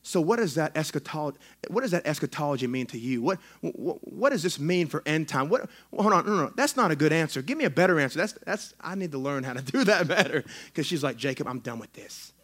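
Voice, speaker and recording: Male pastor, sermon in church; excitable, chatty delivery, full of restarts, slightly higher pitch. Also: quick pace. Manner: excitable, conversational preaching with frequent restarts. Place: church sanctuary.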